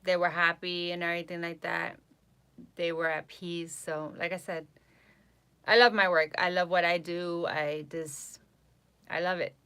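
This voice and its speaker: A woman's voice: lowish voice, little pitch movement, unhurried, sharp tone, smooth. A woman with a New York accent chatting casually with viewers on her live stream as a psychic host, repeating herself and reading names aloud.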